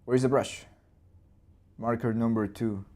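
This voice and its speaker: A man in his twenties or thirties hosting a live storyboarding session, talking loosely through his ideas, with restarts and boom and plop sound effects. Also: fairly even intonation, a little slow, darkish tone. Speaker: animator and channel host.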